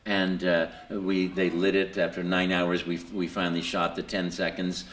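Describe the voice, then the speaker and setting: A man being interviewed at a convention, telling his story with lots of fillers and jumping into high put-on voices for quotes. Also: level tone, normal speed, fairly bright tone, echoey room, slight background noise. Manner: lots of fillers and repeated words. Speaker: voice actor guest. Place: convention hall.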